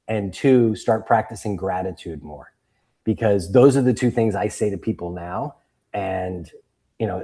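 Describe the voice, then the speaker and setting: Speaking in a fairly low, slightly rough voice, a Boston-born author and coach in his fifties swaps stories during a casual interview as a guest. He tells them with animation, performing the voices of whoever he's quoting.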